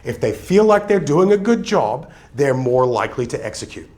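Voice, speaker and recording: A man coaching on sales leadership, teaching energetically and slowing down to stress his key words. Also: medium pitch, sing-song, darkish tone. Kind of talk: teaching lesson to camera.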